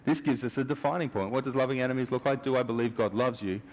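A male preacher works through his sermon with earnest questions to the congregation. His voice sits at an ordinary middle pitch. A long reverb from the church hall trails his words. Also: steady tone, fast talker, a little mellow. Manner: earnest, searching, asks many questions.

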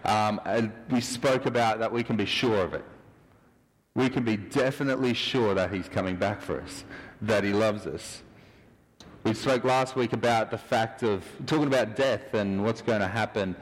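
A man's voice: lowish voice, normal speed. Man preaching in a reverberant hall. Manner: relaxed, rambling, chatty. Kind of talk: casual sermon with jokes. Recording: hall reverb with a mic hum.

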